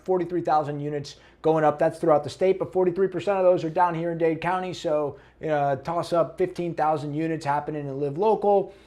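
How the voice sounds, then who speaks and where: Podcast co-host guy, slightly high voice, jokey, stumbles and restarts a lot. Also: darkish tone. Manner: jokey and loose, with many restarts. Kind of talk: casual podcast chat.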